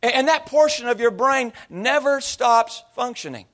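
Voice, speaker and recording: High-voiced pastor telling lively stories. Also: male voice, normal speed. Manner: storytelling, slipping into imitated voices and accents. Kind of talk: sermon.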